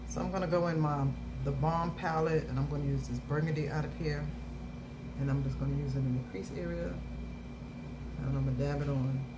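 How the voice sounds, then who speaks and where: A woman's voice: sits low, brisk. A middle-aged woman hosting a casual makeup tutorial, upbeat and fond of repeating her catchphrases. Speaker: makeup vlogger. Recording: steady background noise.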